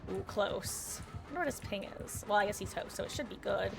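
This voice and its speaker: A woman's voice: medium pitch, brisk, vocal fry, music in the background. A woman streaming a multiplayer game, chatting casually with viewers and teammates and laughing often. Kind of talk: casual gameplay commentary.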